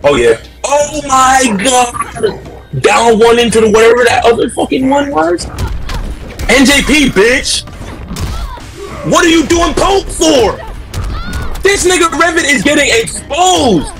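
A man on a headset mic giving loud, heated live commentary on fighting-game matches, shouting often, repeating himself and trash-talking with profanity. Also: very high voice, slow pace, long pauses, soft background music. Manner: loud, excitable trash-talk with frequent shouting.

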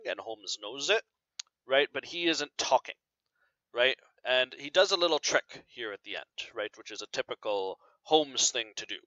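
A man's voice: mid-range voice, very animated, moderate pace, pushed and bright, no echo. A man teacher explaining a story to students in a conversational way, often asking "right?" and using fillers. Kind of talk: recorded lesson on a novel reading. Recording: dry, slightly dull lo-fi recording.

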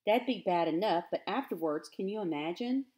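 A woman's voice: lowish voice, lively intonation, normal speed, darkish tone, natural voice. A woman voicing a weary, earnest rustic father who talks in plain country grammar. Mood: pleading.

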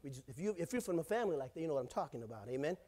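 Male pastor with a high voice, relaxed and jokey delivery, keeps asking the congregation for responses. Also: rapid-fire. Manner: casual, joking, calls out to the congregation. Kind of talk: sermon. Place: church.

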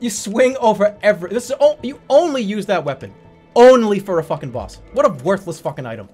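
A man commenting as he plays a video game, swearing, laughing and yelling in frustration. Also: high voice, big pitch swings, fairly quick, husky, faint music behind. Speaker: gaming streamer. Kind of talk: let's play commentary.

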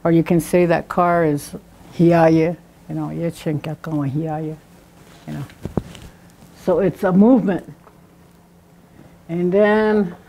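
A middle-aged woman teaching a language class, talking slowly and patiently and repeating words for her students. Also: on the low side, mellow, slight background noise. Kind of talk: classroom lesson.

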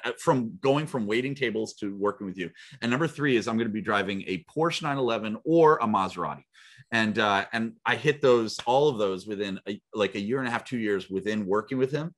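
A middle-aged man, a guest speaker and coach, telling his story in an interview with lively acted-out quotes and frequent laughs. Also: fairly low pitch. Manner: animated storyteller, acts out quotes, laughs often. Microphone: small mic worn on body.

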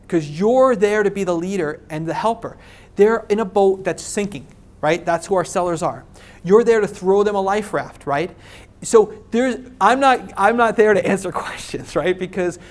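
A man speaking at a live real estate seminar, talking with energy, stressing his points, checking in with "right?" and acting out sellers' lines. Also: sits high. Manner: energetic, emphatic, repeats points and asks the audience "right?"; acts out sellers' questions and excuses in quick quoted voices.

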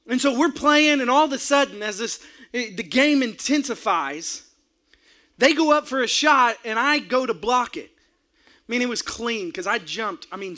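A middle-aged male pastor preaching with an animated storytelling sermon, acting out his own outbursts with shouts and laughter. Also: very high-pitched.

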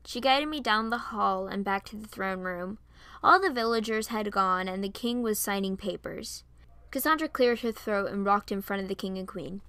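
A woman reading a first-person fan story aloud, soft and plain, close on a home mic. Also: medium pitch, moderate pace, clean tone, no echo.

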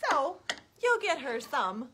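A woman librarian leads a children's storytime on a livestream, playful and animated. Her voice is high and bright, and she takes her time. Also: slow. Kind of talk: children's storytime reading and singing. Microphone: webcam or phone, livestream.

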